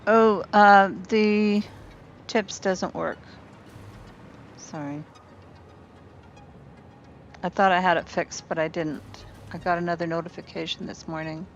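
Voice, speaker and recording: Speaking slowly with long pauses, this woman has a lowish voice and a steady tone. She's at home in her apartment streaming a game, talking casually with viewers and musing aloud as she builds, on a lo-fi recording with a little hiss or hum.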